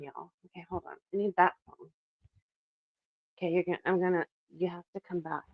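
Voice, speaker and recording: A woman's voice: on the low side, fairly quick, dry recording, dull audio. A woman in her thirties hosting a casual livestream from her home kitchen, chatting in a rambling way and reading the chat aloud. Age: 30s. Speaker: livestream host. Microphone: phone.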